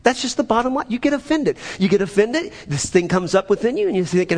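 A man's voice: sing-song, quick pace, vocal fry, few pauses. Emphatic male pastor preaching in a reverberant hall. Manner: emphatic, rises to high urgent peaks and drops low and quiet. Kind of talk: sermon. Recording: long reverb of a large hall.

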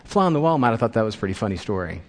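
A man's voice: on the low side, sing-song, rapid-fire. A man preaching a sermon in a church, telling a story and acting out the voices in it. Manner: storytelling, acts out voices in quotes. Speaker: pastor. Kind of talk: sermon with an anecdote. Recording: long hall reverb.

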